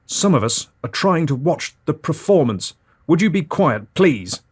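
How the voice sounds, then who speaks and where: A man voicing a prim woman in a theatre audience, scolding in a shrill voice. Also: big pitch swings, unhurried, husky, heavily acted. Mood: indignant.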